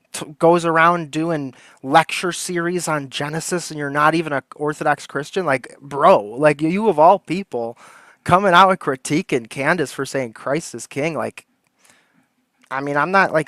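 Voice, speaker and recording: A man's voice: a little high, fairly bright tone, dry recording, clean studio sound. A man hosting a livestream, giving casual political commentary in a heated, rambling way, full of restarts and slang. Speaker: livestream host.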